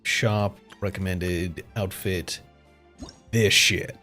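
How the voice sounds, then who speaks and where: A man giving casual live-stream commentary as streamer, excitable, swearing freely and chuckling often. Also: low-pitched, drawn-out words, soft background music.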